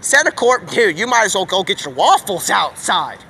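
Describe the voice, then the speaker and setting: A man livestreaming, talking in a rambling, slangy, excitable stream of thought. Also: high voice, normal speed, vocal fry, a little hiss or hum. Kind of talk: rambling live-stream monologue.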